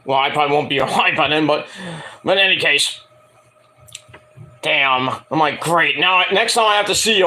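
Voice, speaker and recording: Fairly high-pitched and bright, with a forceful tone, this man speaks at a moderate pace broken by long pauses. As a wrestling review show host, he tells a rambling, self-deprecating story in casual monologue, swearing freely and acting out quotes.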